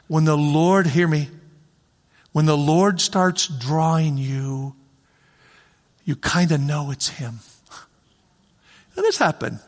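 A man preaching a sermon as pastor, in a conversational way that repeats phrases for emphasis. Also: a little high. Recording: long reverb of a large hall.

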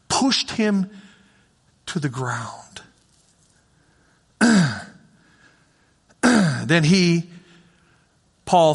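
A man's voice: fairly high pitch, fairly bright tone. A man preaching a sermon as pastor, in a conversational way that repeats phrases for emphasis. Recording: long reverb of a large hall.

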